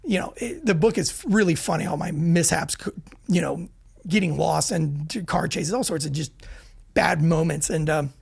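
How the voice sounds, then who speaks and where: A man with a gravelly, husky voice tells war-story style anecdotes as a podcast guest. He talks fast and animated, swears freely and trips over restarts as he mocks himself. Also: on the high side. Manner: rapid, self-deprecating, frequent restarts. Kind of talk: animated storytelling, casual and profane.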